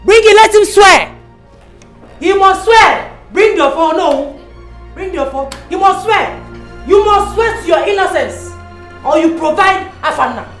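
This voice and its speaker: A woman playing a fierce royal mother who scolds and insists, drawn-out and forceful, with a Nigerian accent. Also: sing-song, faint music behind, full character voice. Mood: insistent. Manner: drawn-out, shrill when insisting. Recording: echoey room.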